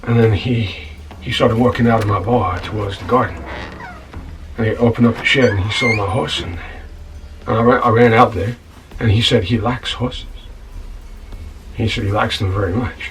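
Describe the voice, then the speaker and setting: An actor playing a self-righteous scoundrel tavern keeper in a comedy web series, telling an indignant, stammering monologue and calling the listener son. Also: male voice, lowish voice, normal speed, fairly bright tone, distant mic, slight background noise, close to an everyday voice, rough recording. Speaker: title character of a comedy-drama web series. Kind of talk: comic monologue. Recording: voice a bit off-mic, with music behind.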